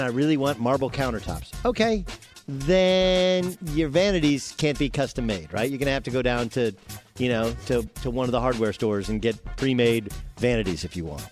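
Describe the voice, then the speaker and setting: Emphatic sports radio host, faint music. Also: male voice, mid-range voice. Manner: emphatic, argues with everyday analogies. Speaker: fill-in sports talk host. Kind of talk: opinionated sports talk.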